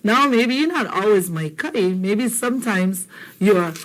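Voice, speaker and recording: A woman's voice: mid-range voice, animated, a little slow, poor audio. Encouraging woman teaching. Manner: encouraging, repeats phrases for learners. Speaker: Hawaiian language teacher. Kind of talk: language lesson explanation.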